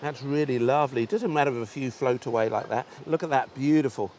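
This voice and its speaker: A man's voice: medium pitch, a little fast, darkish tone, a little hiss or hum. A man hosting an outdoor cooking show, chatting enthusiastically and talking straight to the viewers as he demonstrates. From England. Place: outdoors on a beach.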